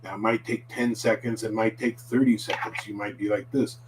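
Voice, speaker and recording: A man talks through a relaxed live-stream lesson, rambling and filling pauses with "uh" and "um". He sits a little back from the mic, and a faint hum runs underneath. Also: fairly low pitch, recorded from a distance. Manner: rambling, filler-heavy, chatty. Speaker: Japanese language teacher.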